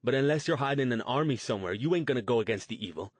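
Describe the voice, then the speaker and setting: A man voicing a gruff, hard-bitten male street outcast who talks blunt and crude in slang. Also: mid-range voice, expressive, very fast, no echo, voice pushed up. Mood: defiant.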